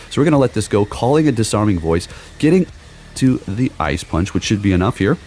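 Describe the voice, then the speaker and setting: A young man giving excitable live commentary on his game, talking straight to viewers and exclaiming at big moments. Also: lowish voice, fairly quick, soft background music. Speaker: gaming YouTuber. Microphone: desk microphone.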